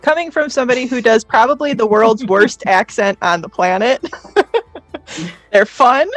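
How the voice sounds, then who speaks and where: A woman's voice: a little high, a little slow, dry recording, soft background music. A woman player chatting about doing voices in role-play, giggling as she tells stories. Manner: giggly, lively storytelling. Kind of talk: casual chat about tabletop gaming.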